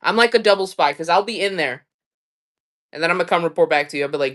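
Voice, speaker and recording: A woman's voice: fairly low pitch, brisk, fairly bright tone. Candid, swearing woman livestreamer, rambling. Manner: candid, swearing, laughing often, chatty storytelling. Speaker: livestream host. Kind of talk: casual livestream chat.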